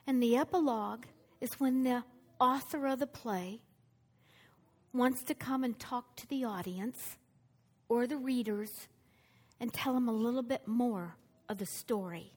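A woman preaching in an animated storytelling way, often turning to ask her listeners questions. Her voice sits high and has a husky, breathy edge. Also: measured pace. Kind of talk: sermon.

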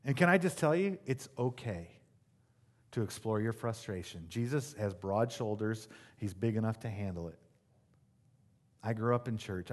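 A male pastor preaching a sermon in a conversational, emphatic way, with asides to the congregation. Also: medium pitch.

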